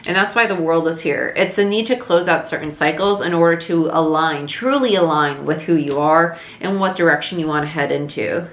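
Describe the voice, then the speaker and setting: Chatty woman reading tarot, low voice. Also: normal speed, hardly any pauses, roomy sound. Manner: chatty, spiritual, thinks aloud with fillers. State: slightly losing her voice. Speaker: tarot reader. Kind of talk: casual tarot reading to camera.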